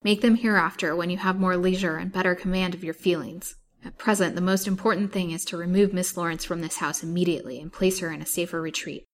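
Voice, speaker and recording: A woman reading aloud plays a scheming older doctor who barks orders in a commanding, impatient way and drops to a smooth courtesy when it suits him. It is a lowish storybook voice. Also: steady tone, fast talker, few pauses, lightly acted. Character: brusque, scheming older male physician.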